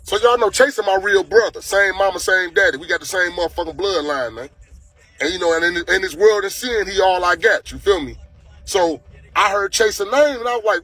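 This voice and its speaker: A man telling a story on a casual livestream, animated and profane, repeating his phrases. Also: high voice, fairly quick, slightly rough.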